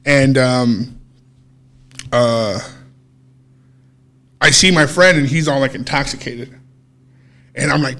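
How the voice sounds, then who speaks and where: A man co-hosting a podcast, casually telling a story in an animated way, swearing freely and acting out what people said. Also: medium pitch, takes it slowly, pauses often. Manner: animated, swears freely, acts out quoted dialogue. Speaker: podcast co-host.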